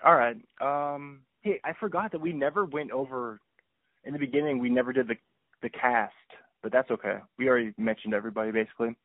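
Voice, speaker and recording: A man's voice: medium pitch, quick pace, dry recording. A man co-hosting a casual movie podcast, easygoing and hesitant, often laughing and restarting his sentences. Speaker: podcast co-host. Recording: thin phone-like sound, dry.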